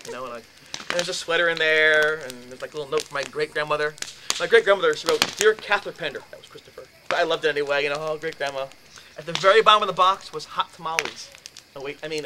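A man gives a lecture in a room, telling his story with animated energy and acting out each exchange. His voice sits a little high for a man. Steady noise runs under the recording. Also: fast talker.

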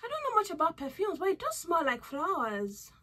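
A young woman talking casually at home in a haul vlog, gushing and squealing with excitement over her purchases. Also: very high-pitched, brisk. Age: young adult. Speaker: vlogger.

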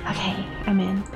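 A woman giving playful gameplay commentary in an excitable way, often gasping and giggling. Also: medium pitch, gravelly. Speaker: gaming video creator.

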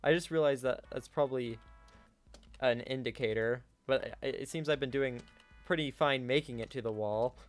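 A young man giving live gameplay commentary, swinging between yelling in frustration and quiet muttering to himself. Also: mid-range voice, moderate pace, soft background music. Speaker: gaming YouTuber.

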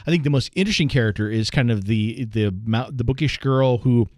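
A man's voice: medium pitch, a little fast, darkish tone, no echo, studio quality. A man co-hosting a podcast in casual chat, joking around and laughing easily. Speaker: podcast co-host.

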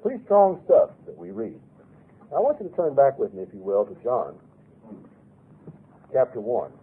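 A man's voice: medium pitch, very animated, moderate pace, breathy edge. A man preaching a sermon, earnestly reading scripture aloud with rising and falling emphasis. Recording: lo-fi phone-like radio broadcast.

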